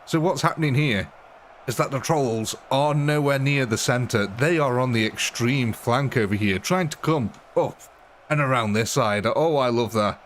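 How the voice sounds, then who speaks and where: An English man in his younger years hosts a live game stream, his voice sitting in an ordinary middle range. He talks excitedly, laughs a lot and keeps addressing viewers as ladies and gentlemen. A faint noise runs beneath the recording. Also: medium pitch, normal speed. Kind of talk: casual live gaming commentary.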